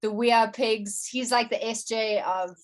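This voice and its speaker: Interview guest: woman, slightly high voice, casual and stop-start. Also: fairly even intonation. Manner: halting, many restarts and fillers. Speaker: musician and producer, interview guest.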